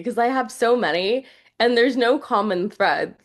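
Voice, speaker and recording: A woman's voice: fairly high pitch, animated, normal speed. A young woman journalist talking in a casual, heartfelt podcast chat, full of "like" fillers. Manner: chatty, heartfelt, many fillers like "like". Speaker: journalist and news reporter guest.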